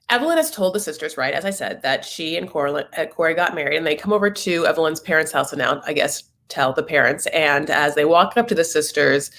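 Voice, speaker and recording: A man's voice: fairly high pitch, lively intonation, brisk, pushed and bright. Man, campy recap host, chatty, gossipy, seated at home. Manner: campy and chatty, calls the viewer honey. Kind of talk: casual recap commentary. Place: at home, sitting cross-legged.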